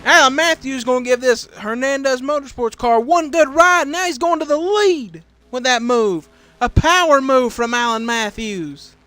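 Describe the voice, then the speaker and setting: A young man calling a sim race, voice worn from shouting, getting louder and quicker as the pack bunches up. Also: very high-pitched. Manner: shouts and speeds up at crashes. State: voice giving out. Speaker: race commentator. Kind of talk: excited play-by-play commentary for a sim racing league.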